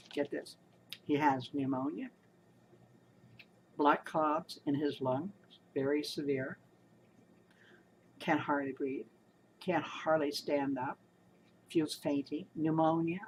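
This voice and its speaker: A woman's voice: low-pitched, fairly even intonation, slow, pauses often, darkish tone, slight background noise, rough recording. A woman giving casual spoken commentary, telling her story in an indignant, emphatic and rambling way. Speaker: commentator recounting a hospital experience.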